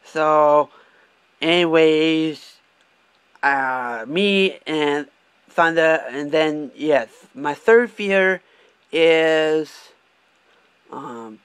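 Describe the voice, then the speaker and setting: A man's voice: fairly high pitch, very slow, pauses often, a bit bright, clear, resonant tone, no echo. A young man from Michigan talking candidly in a casual vlog, swearing often and restarting his sentences as he drives. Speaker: vlogger. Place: car, driving.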